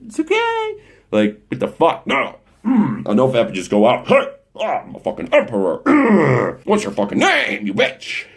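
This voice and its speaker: Young male vlogger with a very low voice, talking off the cuff: rambling, blunt and full of swearing. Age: young adult. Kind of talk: casual profane monologue.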